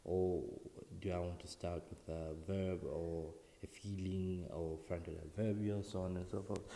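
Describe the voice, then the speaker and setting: A man's voice: sits low, warm tone, a little hiss or hum. A man teaching a writing lesson, explaining step by step and repeating words for emphasis. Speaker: English teacher. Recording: echoey room with long reverb.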